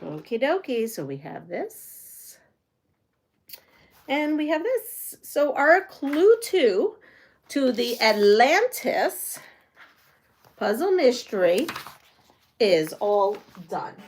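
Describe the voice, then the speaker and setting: A woman hosting a quilting live stream, chatting casually, answering viewer comments and trivia questions as she sews, with frequent giggles and some drawn-out phrases. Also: fairly high pitch, very animated, breathy edge. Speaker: quilting channel host. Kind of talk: casual live-stream chat while sewing.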